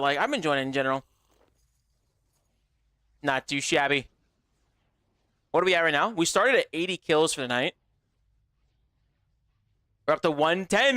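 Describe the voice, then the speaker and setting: A man's voice: a little high, pushed and bright, no room sound, studio quality. A man streaming a game live, chatting brashly with his viewers, swearing and joking as he plays. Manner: brash, profane, joking, talks straight to chat. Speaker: gaming streamer. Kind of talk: casual livestream chatter.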